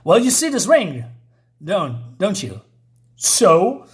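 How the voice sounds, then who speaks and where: A man's voice: sits high, sing-song, slow, voice pushed up, exaggerated voice. A man voicing an eager, boastful young male hero from a comic book, in a cocky and offhand way.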